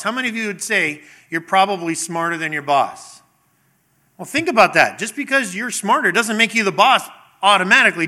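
Man preaching a sermon, high bright voice, chatty, quizzes the congregation. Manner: conversational preaching, asks the congregation questions, acts out voices. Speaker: pastor.

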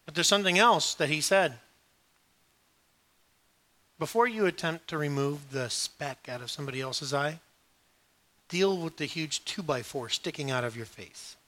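A middle-aged male pastor preaching a sermon, joking and storytelling with sudden hushed asides. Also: fairly high pitch, normal speed, pauses often.

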